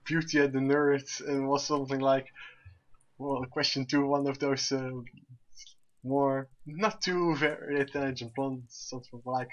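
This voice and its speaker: A man's voice: mid-range voice, fairly even intonation. Rambling male streamer, slightly dull audio. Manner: rambling, pauses while searching for words. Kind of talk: casual chat over a game stream.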